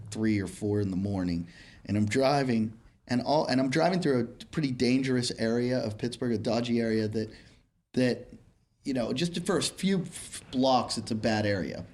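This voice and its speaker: A comedian in casual chat, telling a rambling story. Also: male voice, mid-range voice, darkish tone.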